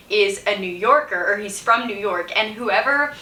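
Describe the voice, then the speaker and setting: A young woman talks through her reading vlog in an easy, chatty way, dropping in fillers and little giggles. Her voice sounds bright and a touch sharp. The room around her has a noticeable roomy echo. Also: mid-range voice, animated, normal speed, few pauses. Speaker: book vlogger. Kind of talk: casual reading vlog chat.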